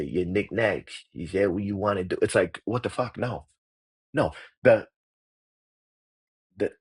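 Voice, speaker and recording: A middle-aged actor and acting coach talking bluntly and profanely in a casual interview. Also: male voice, deep voice, breathy edge.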